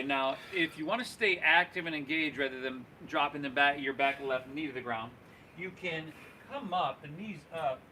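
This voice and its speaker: A man guiding a live yoga class, cueing poses and breaths in an encouraging, relaxed and folksy way. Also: fairly high pitch, a little hiss or hum. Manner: relaxed, folksy, says y'all. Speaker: yoga instructor.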